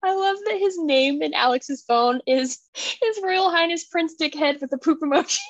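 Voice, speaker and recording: A young American woman co-hosting a book chat podcast, her voice pitched high and recorded close and dry. She talks casually and excitably, laughing often and jumping into animated quotes. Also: moderate pace, no echo, lo-fi sound. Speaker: podcast co-host.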